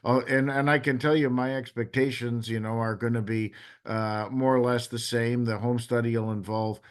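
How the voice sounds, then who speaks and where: A man acting as judge in a court hearing, speaking haltingly with many fillers. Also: medium pitch, flat delivery, clean tone.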